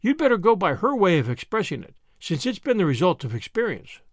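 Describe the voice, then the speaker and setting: Man voicing young woman teacher, kind, solemn, reassuring, lively high tone. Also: fairly quick, no room sound, studio quality. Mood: gentle. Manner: gentle and reassuring. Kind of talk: audiobook character reading.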